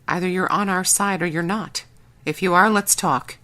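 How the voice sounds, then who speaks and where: A tense male agent, played by a woman reading an audiobook, firm and clipped as he demands answers. The voice stays on the lower side and does not waste words. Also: steady tone, normal speed, sharp tone.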